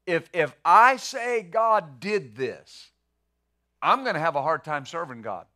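A man's voice: fairly high pitch, sing-song, a little slow, pushed and bright. A middle-aged man pastor preaching a sermon in a conversational way, full of rhetorical questions and repeated words.

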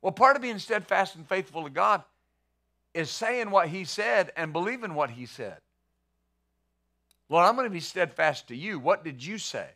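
Bright-voiced preaching pastor, man. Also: sits high, animated, normal speed, long pauses. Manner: conversational preaching with rhetorical questions; restarts and repeats words. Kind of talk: sermon.

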